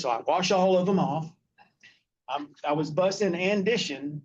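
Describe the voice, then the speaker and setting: A man's voice: on the high side, normal speed, a little mellow, husky, dull audio. A man telling folksy anecdotes about running a restaurant to a small audience, acting out quoted dialogue. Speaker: guest speaker telling restaurant history. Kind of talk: casual storytelling to a small group.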